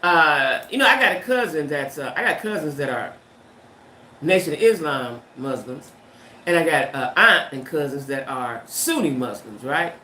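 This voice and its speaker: A woman's voice: low voice, animated, moderate pace, bright, forceful tone, roomy sound, slight background noise. A woman hosting a livestream in casual, emphatic chat, firing off rhetorical questions and slang. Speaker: livestream host. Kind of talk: casual chat reading viewer comments.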